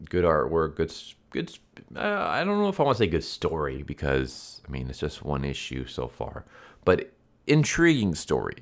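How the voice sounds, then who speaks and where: Very deep-voiced congested man. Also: wildly swooping pitch, moderate pace. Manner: rambling, easygoing. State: congested, sore throat. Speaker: comic book reviewer. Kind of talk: casual comic review.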